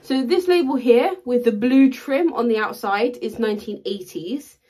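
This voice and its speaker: A woman's voice: on the high side, moderate pace, warm tone. A woman co-hosting a resale vlog who talks casually and rambles, with many fillers and restarts. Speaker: co-host, luxury reseller. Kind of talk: casual chat, showing thrift finds.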